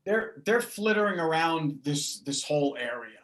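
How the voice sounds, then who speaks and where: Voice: medium pitch, animated, normal speed, fairly bright tone. A game master narrating a tabletop game and describing the scene plainly.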